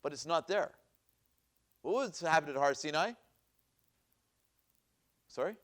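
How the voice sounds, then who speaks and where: This is a rabbi's classroom lecture in a synagogue, where he reads Hebrew verses aloud and asks questions of his listeners, repeating them. His voice sits on the high side, with an animated, unhurried delivery and a fairly bright tone.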